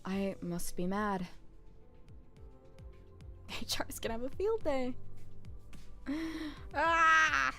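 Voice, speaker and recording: A woman's voice: medium pitch, sing-song, slow, long pauses, faint music behind. A woman streamer chatting playfully and reading game dialogue aloud, with giggly joking asides.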